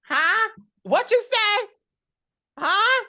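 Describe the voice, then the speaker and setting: A man voicing a sassy woman dentist with a shrill, taunting, brassy delivery. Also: animated, extremely slow, sharp tone, exaggerated voice.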